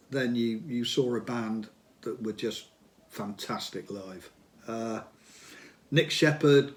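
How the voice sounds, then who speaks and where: Chatty reminiscing man in his sixties. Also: medium pitch. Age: 60s. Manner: chatty and reminiscing, pauses on fillers, gets enthusiastic. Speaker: host looking through old music magazines. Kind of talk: casual spoken commentary.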